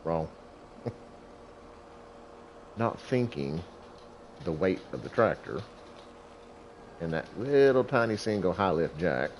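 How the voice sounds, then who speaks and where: A man's voice: low voice, expressive, takes it slowly, pauses often, a little hiss or hum. A middle-aged man who hosts a gaming channel, telling a rambling story about himself over gameplay, folksy and chuckling often.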